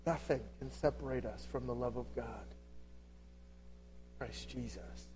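A man preaching an impassioned sermon, asking rhetorical questions and swinging between loud and hushed delivery. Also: medium pitch, fairly even intonation, a little slow, a little hiss or hum. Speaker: pastor.

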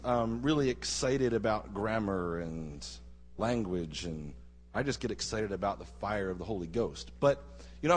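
A man preaching a sermon to his congregation, asking them lively rhetorical questions. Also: mid-range voice. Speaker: pastor. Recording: husky voice with long hall reverb.

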